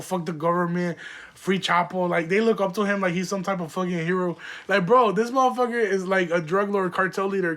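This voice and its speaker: A young man with a notably high voice for a man tells loose, rambling stories on his podcast. He talks in slang, swears freely and fills his sentences with "like" and "um." It is an easygoing, solo monologue. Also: fairly bright tone. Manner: rambling, profane, slangy, lots of fillers. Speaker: podcast host. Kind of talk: casual storytelling monologue.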